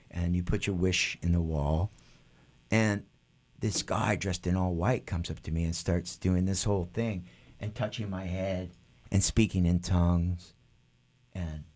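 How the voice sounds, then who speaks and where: A middle-aged man, a guest musician, telling tour stories on a radio show in an animated way, swearing and acting out other people's lines. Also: deep voice. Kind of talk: casual storytelling on a radio show. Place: radio studio.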